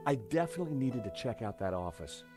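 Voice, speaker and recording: A wry game hero narrating. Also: male voice, mid-range voice, sing-song, fast talker, darkish tone, breathy edge, faint music behind. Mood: dry. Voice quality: dry, wry. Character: wry male hero narrating his adventure.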